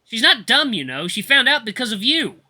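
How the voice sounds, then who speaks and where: A man's voice: very high-pitched, very animated, moderate pace, pushed and bright, pitched above the performer's own voice, full character voice. A man voicing a frightened but furious young woman held captive, stammering and turning defiant. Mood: shrill defiant.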